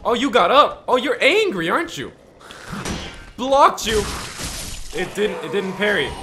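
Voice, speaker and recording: Loud, cursing man gaming. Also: high-pitched, big pitch swings, unhurried, background noise. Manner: loud, profane, screaming reactions to the game; mock-heroic asides. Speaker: gaming YouTuber. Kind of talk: let's play commentary.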